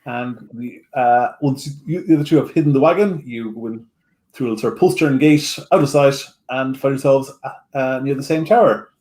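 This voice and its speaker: A man's voice: medium pitch, normal speed, mellow. A man narrating a tabletop game as game master, with frequent hesitations and fillers.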